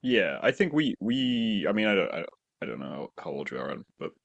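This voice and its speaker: A man's voice: sits low, big pitch swings, a little fast, gravelly, breathy edge, no echo, muffled recording. A middle-aged man hosting a casual podcast chat, agreeable and reflective, thinking aloud as he talks. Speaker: podcast host.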